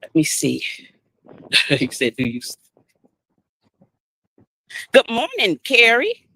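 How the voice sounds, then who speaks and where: A woman's voice: fairly high pitch, huge pitch swings, slow pace, bright, forceful tone, breathy edge, no room sound, poor audio. A woman chatting casually on a live stream, talking straight to her viewers and laughing often, first at a shop checkout and then at home.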